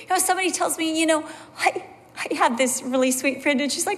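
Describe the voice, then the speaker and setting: Woman preacher, Bible teacher, fairly high voice, lively sermon delivery, echoey hall. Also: moderate pace. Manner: animated, acts out quoted voices with high sung exclamations. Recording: long hall reverb.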